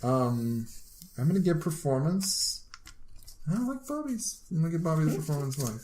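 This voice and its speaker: Very low-voiced woman, lively delivery. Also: normal speed, slight background noise. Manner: chatty, self-deprecating. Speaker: podcast co-host. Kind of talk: casual game chat.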